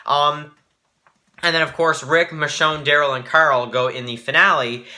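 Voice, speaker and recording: A man with a very bright, slightly high voice, talking loosely through a TV recap. He rambles with many fillers and restarts. He slips into quick impressions of the characters' lines. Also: fairly even intonation. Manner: rambling, heavy fillers, acts out quoted lines. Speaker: TV show reviewer. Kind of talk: casual recap monologue.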